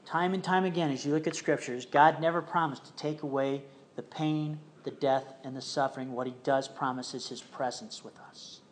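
An older man preaching a sermon in an earnest, compassionate way, sometimes dropping to a soft hush. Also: a little high, fairly even intonation, normal speed, hardly any pauses, slight background noise. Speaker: pastor.

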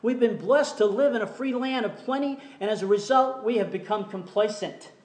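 A man preaching a sermon in a church, reading scripture slowly and telling a story between verses, sometimes dropping almost to a whisper. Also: high voice, darkish tone. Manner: reads scripture slowly, tells jokes, drops to near whisper. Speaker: pastor. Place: church sanctuary.

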